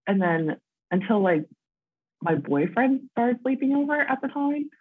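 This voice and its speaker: A woman's voice: fairly high pitch, big pitch swings, a little slow, husky, no echo. An American woman calling in to a podcast, chatting casually and filling her speech with "like" and "um". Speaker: caller. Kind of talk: casual phone chat. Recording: tinny dry phone line.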